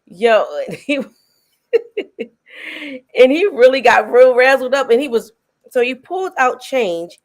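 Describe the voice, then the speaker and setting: Animated middle-aged woman chatting about films. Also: high voice, a little slow, pauses often. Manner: animated, laughs often while retelling scenes. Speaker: host. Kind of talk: casual film review chat.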